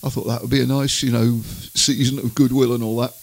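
A middle-aged man hosts a music show in a loose, rambling chat full of fillers and side remarks. His voice has a gravelly fry at mid pitch. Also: flat delivery, quick pace. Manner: rambling, many "uh" fillers and asides. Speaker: radio music show host. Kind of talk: casual chatty storytelling.

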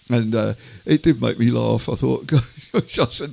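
Gravelly, rambling middle-aged man hosting. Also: medium pitch, moderate pace, dark tone. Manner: rambling, many "uh" fillers and asides. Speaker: radio music show host. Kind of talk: casual chatty storytelling.

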